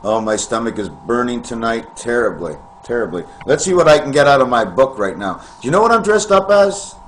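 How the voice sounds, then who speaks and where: A man vlogging in a meandering, free-associating monologue to camera, with sudden loud bursts. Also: mid-range voice, expressive, fairly quick, a little hiss or hum.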